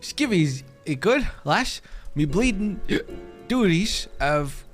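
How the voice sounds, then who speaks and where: A tipsy, bragging pirate sailor, as a man puts him on for a game read-aloud, all gruff rolling brogue and slurred swagger. His pitch lurches high and low as he boasts, with faint game music underneath. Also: very animated, takes it slowly, heavily acted. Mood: boastful. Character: boozy boastful male pirate bodyguard, middle-aged.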